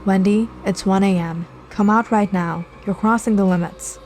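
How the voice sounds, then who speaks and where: Woman as a strict mom in an animated horror story, scolding, plain mid pitch, music bed. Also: normal speed, lightly acted. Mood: alarmed. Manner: scolding, firm. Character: stern, impatient mother. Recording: loud music behind.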